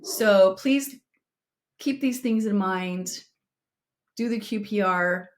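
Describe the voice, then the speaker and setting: A middle-aged woman co-hosting a podcast, giving direct advice and telling a painful personal story in an earnest way. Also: mid-range voice. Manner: earnest, direct, slows down for emphasis. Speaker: podcast co-host.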